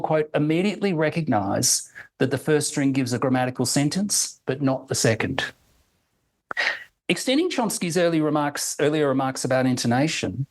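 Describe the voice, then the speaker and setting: A man reads a prepared academic lecture aloud at a middle pitch. His delivery is measured and deliberate. He slows down to sound out each example phrase carefully. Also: poor audio. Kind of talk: reading a prepared academic talk.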